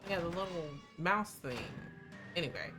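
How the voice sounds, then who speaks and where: Young woman, let's-play streamer, low pitch, wry and joking, quiet game music under. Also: lively intonation, moderate pace. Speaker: vtuber streamer. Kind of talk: casual let's-play commentary. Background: faint game music.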